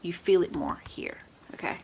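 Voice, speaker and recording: A woman casually explaining astrology in a vlog, chatty, often adding "you know" and "right?", and acting out quoted moods in lively voices. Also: normal speed, whispered. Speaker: astrology YouTuber.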